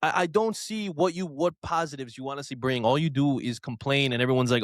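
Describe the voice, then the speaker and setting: A man co-hosting a podcast, heated and ranting, who stumbles over his own restarts. He sits at a middle pitch, and his voice is recorded close and dry, with no room sound. He talks in a loose, casual way. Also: fairly quick, dry recording. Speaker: podcast co-host.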